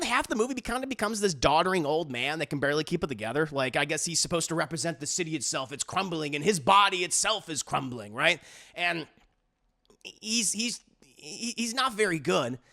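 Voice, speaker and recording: A man's voice: on the high side, very animated, fairly quick, pushed and bright. A man giving a blunt, sarcastic film review in a casual livestream chat.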